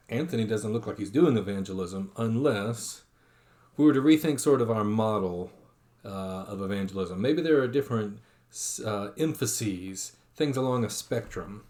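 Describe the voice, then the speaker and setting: A man's voice: on the low side, darkish tone. A man giving an online lecture, reading quotations aloud with frequent fillers and restarts.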